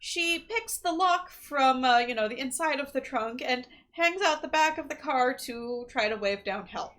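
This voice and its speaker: A woman co-hosting a podcast, talking through a movie's plot in casual chat. Her voice sits fairly high. She slips in dry, wry asides as she goes. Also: expressive, moderate pace, fairly bright tone. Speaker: podcast co-host.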